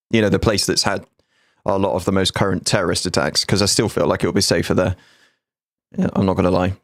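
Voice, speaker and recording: Brief: man in his thirties, gaming streamer and ex-soldier, blunt sweary banter, lowish voice, dry close sound. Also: no echo. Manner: frank, sweary, jokey banter. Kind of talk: casual livestream chat with viewers.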